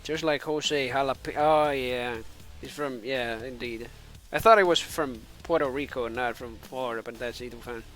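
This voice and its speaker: Chatty Finnish caster with American-sounding English. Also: male voice, mid-range voice, normal speed, hardly any pauses, a bit bright, soft background music. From Finland. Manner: rambling, chatty, laughs at himself. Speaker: esports caster. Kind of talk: casual stream chatter while waiting for matches.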